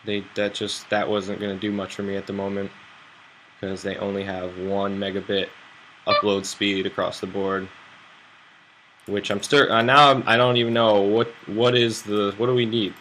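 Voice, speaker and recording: A man's voice: fairly low pitch, level tone, normal speed, fairly bright tone, slight background noise. A young American man streaming poker, chatting to viewers in a loose, rambling way and swearing freely. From United States. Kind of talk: casual live-stream chat to viewers.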